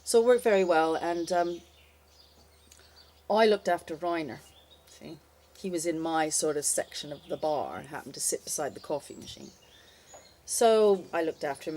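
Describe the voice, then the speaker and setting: An older woman, a former bartender, telling a wry, lively anecdote in a casual spoken style. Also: low voice. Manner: lively, animated, wry storytelling with fillers.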